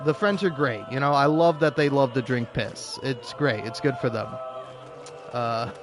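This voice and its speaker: A man's voice: medium pitch, moderate pace. A man talking in a rambling, casual commentary style, sarcastic and profane, laughing often between his points. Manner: rambling with frequent restarts. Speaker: gaming video creator.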